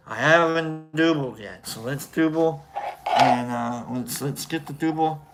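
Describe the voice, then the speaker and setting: A man's voice: fairly high pitch, unhurried, very noisy. A man hosting a casual livestream, rambling and joking with many self-corrections. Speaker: livestream host.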